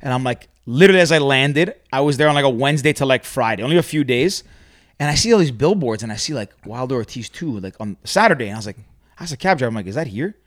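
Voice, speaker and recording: A quick-talking man from Canada tells a story with lively energy, his voice at an ordinary pitch. The sound is close and dry, with no room around it. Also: no echo. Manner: animated storyteller. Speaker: podcast host. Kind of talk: casual podcast chat.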